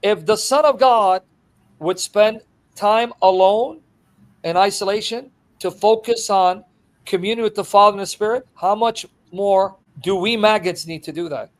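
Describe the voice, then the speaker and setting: With a high voice and a measured pace, an animated man preaches an expository sermon. His retellings come with acted-out scenes and bursts of laughter, and his volume swings between excited loud passages and quiet asides.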